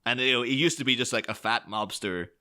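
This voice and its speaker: A man's voice: medium pitch, fast, sharp tone, clean tone. A man co-hosting a podcast, chatting casually and rambling with lots of restarts. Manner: rambling, enthusiastic, many restarts. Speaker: podcast co-host. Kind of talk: casual film podcast chat.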